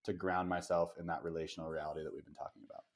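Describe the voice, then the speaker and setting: A man hosting a casual podcast conversation in a somewhat low voice. He asks questions in a reflective, encouraging way, often pausing on fillers. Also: level tone. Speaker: podcast host.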